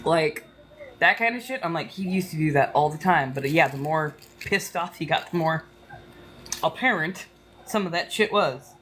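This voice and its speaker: A woman's voice: low-pitched, expressive, moderate pace, fairly bright tone, a little hiss or hum. A woman hosting a casual livestream, ranting heatedly with lots of swearing and a slight Southern accent. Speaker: tarot livestream host.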